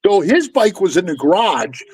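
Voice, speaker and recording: A man's voice: high-pitched, big pitch swings, moderate pace, slightly rough, low-quality recording. A middle-aged man, a former biker, telling stories in casual, blunt, profane chat and calling his listener "bro". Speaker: former motorcycle club member telling stories.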